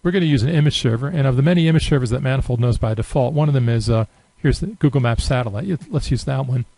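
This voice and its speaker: A man giving a relaxed, unscripted screen-recorded software tutorial, thinking aloud with many fillers. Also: medium pitch, quick pace, creaky, no room sound, low-quality recording. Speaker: software demonstrator.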